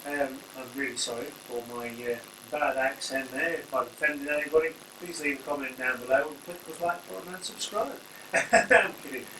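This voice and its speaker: A man's voice: medium pitch, normal speed, pushed and bright. A man hosting a casual, rambling spoken review full of jokey asides. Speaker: wrestling reviewer, channel host. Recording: echoey room, distant mic, faint hum.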